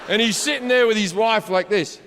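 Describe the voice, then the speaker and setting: A man with an Australian accent doing stand-up, telling a crude story and jumping into shouted punchlines. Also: high-pitched, brisk, creaky, background noise. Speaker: stand-up comedian. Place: large concert venue on stage. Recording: live hall reverb with faint crowd ambience.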